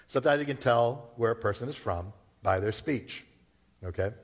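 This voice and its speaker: Man, pastor, middle-pitched voice, chatty preaching, asks the congregation questions, lingering church reverb. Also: moderate pace. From Massachusetts. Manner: conversational preaching with rhetorical questions and asides. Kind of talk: sermon. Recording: long hall reverb.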